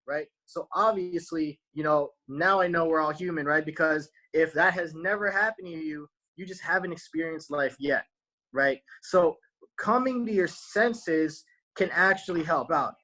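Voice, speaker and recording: A man's voice: fairly high pitch, pushed and bright, low-quality recording. A man giving a casual motivational talk to his viewers, using slang and tagging "right?" onto almost every point. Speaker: motivational speaker.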